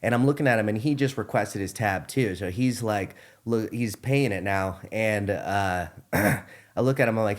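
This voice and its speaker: Young male podcast host, low voice, lively swearing storyteller. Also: moderate pace. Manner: animated, profane storyteller. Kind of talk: casual storytelling chat.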